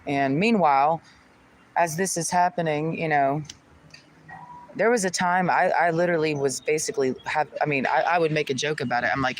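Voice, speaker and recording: A woman's voice: low-pitched, moderate pace, a little hiss or hum, low-quality recording. A woman vlogger ranting to the camera in an aggrieved, venting way, repeating herself and swearing. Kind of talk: personal rant to camera.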